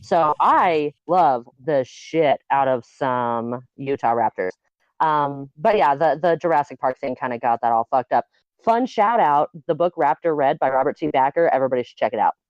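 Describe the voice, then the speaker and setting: A woman's voice: very deep voice, lively intonation, moderate pace, no room sound, lo-fi sound. A woman guest talking casually and bluntly, with crude humor and frequent laughs, over a remote call. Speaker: guest, piercer. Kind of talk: casual podcast chat.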